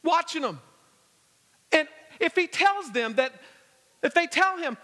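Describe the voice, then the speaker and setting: A man's voice: very high voice, a little slow, pauses often, pushed and bright, in a large hall. A man preaching a sermon as guest pastor, telling the story with humor and acting out the scenes. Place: church sanctuary. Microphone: handheld or stage microphone.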